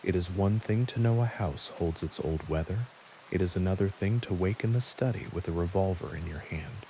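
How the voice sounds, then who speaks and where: A man calmly narrating a first-person horror story in a measured, quiet way. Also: low voice, slight background noise, rough recording. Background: steady rain.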